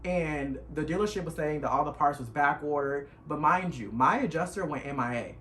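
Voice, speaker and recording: A young man, retelling a stressful road trip in an animated, emotional storytime vlog. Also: fairly high pitch, fairly quick, a little hiss or hum. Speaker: vlogger. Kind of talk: casual storytime.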